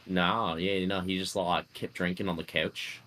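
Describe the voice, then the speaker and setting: A man's voice: sits low, level tone, moderate pace, bright, forceful tone, slight background noise. A man with a put-on Australian accent telling his character's backstory in a tabletop roleplay, rambling with lots of fillers. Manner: rambling, full of fillers and "mate". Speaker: tabletop player.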